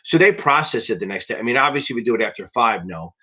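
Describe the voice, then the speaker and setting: A man's voice: mid-range voice, lively intonation, quick pace, sharp tone, husky. A man tutoring for a finance licensing exam on a live question-and-answer stream, talking bluntly and emphatically and swearing for emphasis.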